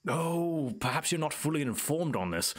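A man's voice: a little high, expressive, normal speed, pitched above the performer's own voice. A man voicing a courteous well-read ettercap. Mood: explanatory. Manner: polite, formal, slightly pompous phrasing. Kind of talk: tabletop role-play character voice.

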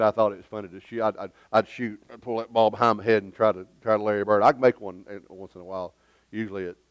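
A man's voice: lowish voice, clear, resonant tone, no room sound, highs cut off. A man preaching a sermon as pastor in a church, emphatic and conversational, with joking asides. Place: church sanctuary.

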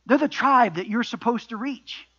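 A man's voice: very high-pitched, normal speed, a bit bright, husky, highs cut off. A middle-aged man preaching a sermon as pastor, emphatic, with repeated refrains and rhetorical questions.

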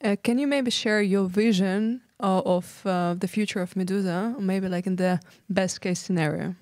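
A woman speaks up from the audience with a polite, tentative question, softening her words as she goes. Her pitch is ordinary and the sound is dry and close. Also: normal speed, no echo. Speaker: audience member asking a question. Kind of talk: question from the floor at a live talk.

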